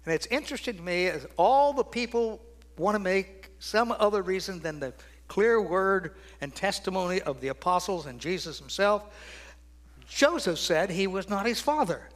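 An older man preaching a sermon, swinging from loud, ringing declarations down to hushed, almost whispered lines. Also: high-pitched, lively intonation, normal speed.

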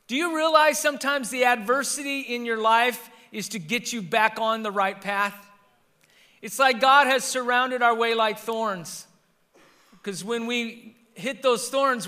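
A middle-aged man preaching a sermon as pastor, swinging between loud emphatic peaks and quiet, low passages. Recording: long hall reverb.

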